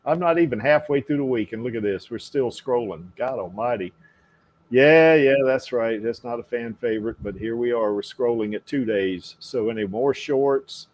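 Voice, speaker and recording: A man's voice: medium pitch, normal speed. A man hosts a casual livestream show, rambling through his notes with plenty of fillers. He laughs often and speaks in an ordinary mid-range voice. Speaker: podcast host.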